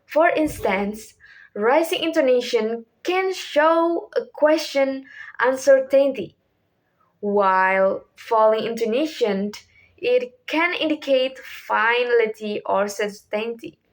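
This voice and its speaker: A woman's voice: on the high side, slow. A young woman whose first language is Indonesian, reading a class presentation from a script as questions and answers, with small restarts. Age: young adult. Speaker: student presenter.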